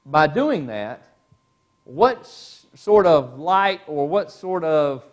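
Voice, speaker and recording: A man with a slightly high voice teaches a Bible class in a church classroom. He talks in a folksy, animated way and tells stories full of pauses and fillers. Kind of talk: storytelling in a class.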